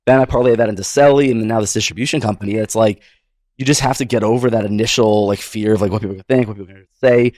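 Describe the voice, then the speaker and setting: A man's voice: fairly low pitch, fairly even intonation, a little mellow, no echo, clean studio sound. A man from Massachusetts hosting a podcast, chatting casually and peppering his talk with like and you know. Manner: rapid, heavy use of like and you know. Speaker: podcast host, business owner. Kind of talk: casual chat.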